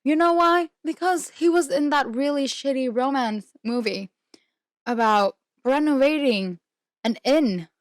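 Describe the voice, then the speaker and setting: A woman's voice: sits high, a little slow, no echo. Young woman podcaster ranting away, swears a lot, takes her time, dry close sound. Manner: blunt and profane, laughs mid-sentence. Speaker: podcast host. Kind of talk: casual ranting chat.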